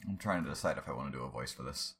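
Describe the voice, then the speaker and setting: A young man chatting casually with a co-host between story readings, relaxed and offhand. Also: rumbling low, very fast, husky. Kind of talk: casual chat.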